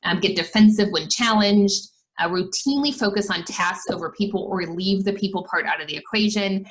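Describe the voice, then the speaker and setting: A woman's voice: mid-range voice, a little fast, rough recording. A woman co-presenting a leadership webinar, explaining points from slides with a lot of "um". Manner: explains from slides, with frequent "um" fillers.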